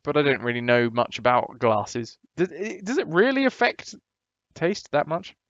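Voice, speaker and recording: A man's voice: a little high, normal speed, fairly bright tone, dry recording, muffled recording. Laid-back chatty male streamer. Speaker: live streamer. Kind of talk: casual live-stream chat. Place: hotel room.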